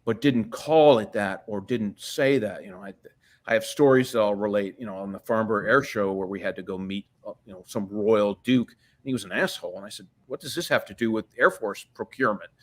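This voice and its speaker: A man's voice: lowish voice, a little fast. A middle-aged man speaking as an interview guest, rambling from story to story. He swears freely and acts out the voices of people he quotes. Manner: rambling, profane, re-enacts quoted dialogue.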